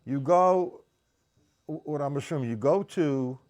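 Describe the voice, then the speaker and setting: A man's voice: a little high, a little slow, a little mellow. A man giving a live-streamed drum lesson, counting beats aloud and greeting his viewers between examples. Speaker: drum teacher. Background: drums played while talking.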